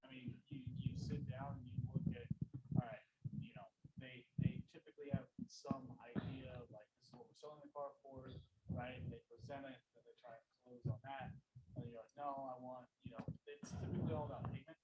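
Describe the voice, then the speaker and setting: A man's voice: medium pitch, expressive, a little fast, heavy background noise. A man in a class answering a question in an offhand way, heard faintly from across the room. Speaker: class participant. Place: classroom, away from the mic. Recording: faint, distant, muffled room pickup.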